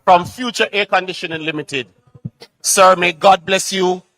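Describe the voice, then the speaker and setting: A man's voice: high-pitched, fairly even intonation, moderate pace, sharp tone, soft background music, rough recording. A man hosting a live fundraising telethon, taking donor calls and upbeat. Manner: upbeat, auction-style calling. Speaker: telethon host.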